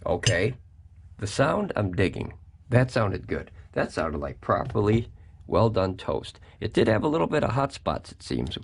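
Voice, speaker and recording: A man's voice: on the low side, sing-song, unhurried, gravelly, a little hiss or hum. A man hosting a casual product review vlog, chatty and folksy, talking straight to his viewers from a home kitchen.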